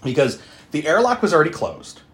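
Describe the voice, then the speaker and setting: A man hosting a podcast, recapping a film in casual chat, animated, laughing and swearing as he acts out the characters. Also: on the high side, brisk. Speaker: podcast host.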